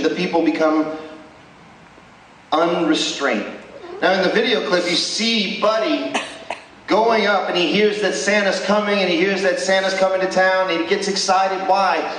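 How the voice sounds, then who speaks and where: A man delivers a chapel sermon, pressing his points with rhetorical questions. His voice sits a little high and carries from a distance. Long reverb from the hall rings around every phrase. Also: fairly bright tone. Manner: emphatic preaching with rhetorical questions. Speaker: chapel speaker. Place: school chapel. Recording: echoey hall, distant mic.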